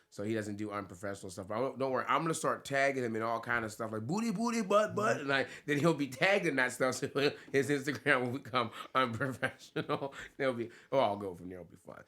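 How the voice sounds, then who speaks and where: A man's voice: medium pitch, quick pace, hardly any pauses, pushed and bright. A man from the United States, a fighter co-hosting a podcast, chatting casually with loose, laughing, swearing banter.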